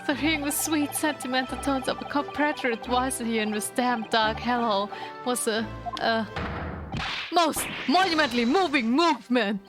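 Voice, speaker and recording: A woman's voice: on the high side, normal speed, pauses often, lightly acted. A woman voicing an eccentric male novelist prisoner who stammers through dramatic, paranoid outbursts. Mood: theatrical. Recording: game music underneath.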